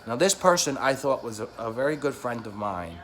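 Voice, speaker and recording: A man vlogging a personal story to the camera, talking in an emotional, rambling way that grows heated and loud. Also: mid-range voice, animated, a little fast, faint music behind.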